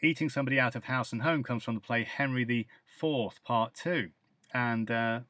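A man's voice: medium pitch, moderate pace, a bit bright, dry recording. A man with a British accent, teaching English phrases in a podcast lesson and explaining each one with example sentences.

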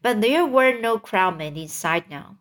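A woman's voice: medium pitch, lively intonation, fairly bright tone. A woman reading a children's book aloud, often stumbling and restarting words. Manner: halting, stumbling over words. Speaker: reader.

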